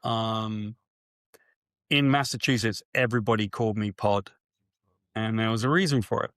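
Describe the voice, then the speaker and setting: Animated storytelling man, dry sound. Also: normal speed, dry recording. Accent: non-local accent. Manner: animated anecdote teller, mimics voices in high pitch. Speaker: guest comics writer. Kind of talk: casual interview storytelling.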